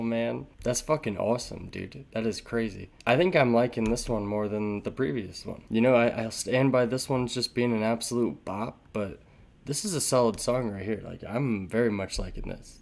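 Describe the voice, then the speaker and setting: A man's voice: on the low side, gravelly, a little mellow. A man hosting a music reaction, chatting casually and with enthusiasm, rambling and laughing often. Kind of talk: casual album reaction commentary. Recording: music playing in the background.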